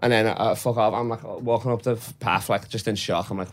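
A man's voice: on the low side, fairly even intonation, brisk. A young man telling a rambling story in casual chat, with lots of swearing and laughing. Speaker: podcast co-host.

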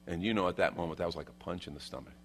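A male pastor with a low voice races through a sermon, emphatically repeating his key lines. He swings between loud declarations and hushed asides.

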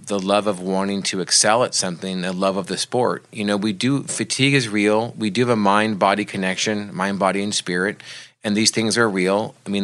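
Man, low voice, motivational coach, earnest and reflective, podcast chat. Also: a bit bright. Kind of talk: casual podcast conversation.

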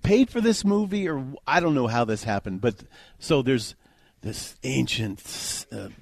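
A man's voice: mid-range voice, very animated, moderate pace, no room sound. A man co-hosting a radio movie show, reviewing films in a rambling, joking way and laughing often. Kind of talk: casual radio chat.

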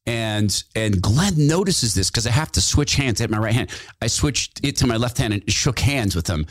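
A man hosting his own talk show, telling a personal story with lively delivery and acting out the voices of the people he quotes. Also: mid-range voice, moderate pace, no echo, studio quality. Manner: animated, acts out quoted voices. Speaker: radio show host. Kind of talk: storytelling monologue.

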